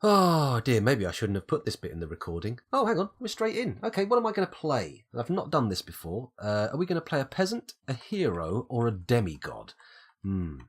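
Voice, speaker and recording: Man, British accent, live game streamer, has a cold, husky, lively pitch, thinking aloud. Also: brisk. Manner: thinking aloud, musing over options. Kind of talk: live gameplay commentary.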